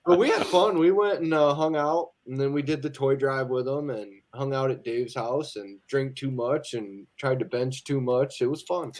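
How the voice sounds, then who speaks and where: A man's voice: mid-range voice, moderate pace, hardly any pauses, darkish tone. A man, a guest on a video call podcast, recounting a prank in an easygoing, laughing way. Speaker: guest, dent repair tech. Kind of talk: casual chat.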